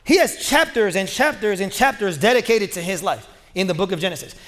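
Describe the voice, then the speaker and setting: A man's voice: sits high, big pitch swings, brisk, a bit bright. A man preaching a sermon as pastor, talking in a casual, joking, conversational way. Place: church sanctuary. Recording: long reverb of a large hall.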